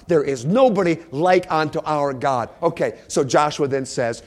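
A man preaching a sermon in a church, emphatic, repeating key phrases and swinging from soft to loud. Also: a little high, normal speed, few pauses. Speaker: pastor.

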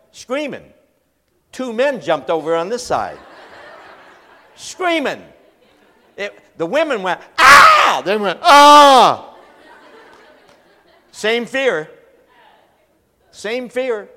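Animated folksy man preaching in a hall. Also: on the high side. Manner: animated, folksy, acts out voices and screams. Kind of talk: storytelling sermon. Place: large church hall. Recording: long hall reverb.

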